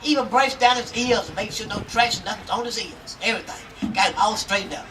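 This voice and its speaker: A woman telling a folk tale to a live audience at an outdoor festival, lively and talking straight to her listeners. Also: mid-range voice, a little fast. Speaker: storyteller. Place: outdoor town square festival. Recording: outdoor, mic far off, faint noise.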